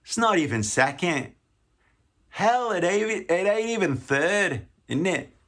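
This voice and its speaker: A man's voice: high voice, very animated, takes it slowly, a bit bright, voice pushed up, full character voice. A man doing a put-on British accent as himself chatting in a pub, rambling and self-mocking. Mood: cheeky.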